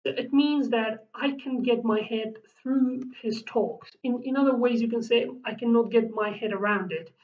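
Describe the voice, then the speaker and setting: Woman teaching, halting. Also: on the high side. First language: Kurdish. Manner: halting, searching for words, frequent restarts. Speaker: language teacher. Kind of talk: explaining vocabulary in a lesson. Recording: distant mic, dull lo-fi sound.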